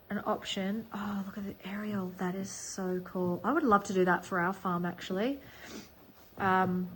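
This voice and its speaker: A middle-aged woman chatting casually in a vlog, gushing excitedly over her finds. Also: mid-range voice, a little hiss or hum, low-quality recording. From Australia. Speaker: vlogger. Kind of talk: casual chat.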